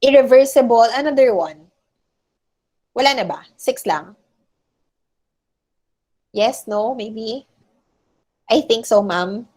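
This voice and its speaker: A woman's voice: on the high side, takes it slowly, long pauses, darkish tone. A woman teacher with a Filipino accent, giving an online class lecture and often checking in with "okay?" and "all right?". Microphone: video call.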